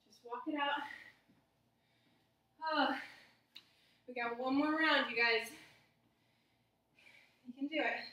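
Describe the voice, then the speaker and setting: A woman's voice: high-pitched, slow pace, long pauses, pushed and bright. A woman leading a workout class, out of breath as she exercises, cheering the class on. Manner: encouraging, breathless while exercising. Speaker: fitness instructor. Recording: very echoey room, mic at a distance.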